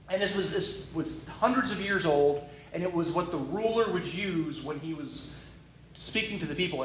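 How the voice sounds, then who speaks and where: A man preaching a sermon, telling stories in a lively, joking way with asides and restarts. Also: sits high, a little hiss or hum. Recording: echoey hall from far off.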